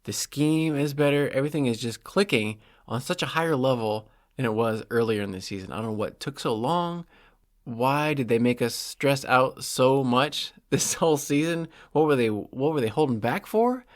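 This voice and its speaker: A man's voice: medium pitch, animated, moderate pace, no room sound, clean studio sound. A man hosting a solo sports podcast, talking in an opinionated, heated and sarcastic way with lots of "like" fillers. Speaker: podcast host.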